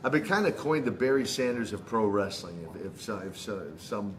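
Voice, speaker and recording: Man in his sixties, low voice, relaxed storyteller, interview guest. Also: a little fast, a little hiss or hum. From United States. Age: 60s. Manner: relaxed anecdotal, trails off softly. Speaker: retired wrestler guest.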